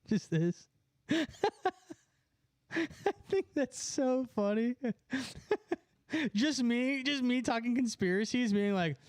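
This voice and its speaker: A man's voice: very high voice, animated, drawn-out words, long pauses, dry recording. A young man casually chatting on a live stream, laughing a lot and swearing as he mocks someone. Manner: laughing, mocking, profane.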